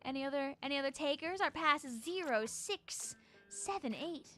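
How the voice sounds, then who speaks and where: A high, bright-voiced woman chats casually with her viewers while streaming a game. She is playful and bubbly, tossing in goofy sound effects between remarks. Soft game music plays faintly behind her. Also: fairly quick. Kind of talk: casual live-stream chat while gaming.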